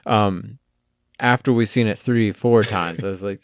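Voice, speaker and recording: A man co-hosting a casual film review podcast, rambling in a relaxed way and often trailing off quietly. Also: fairly low pitch, a little slow, clear, resonant tone, dry recording, clean studio sound. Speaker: podcast co-host.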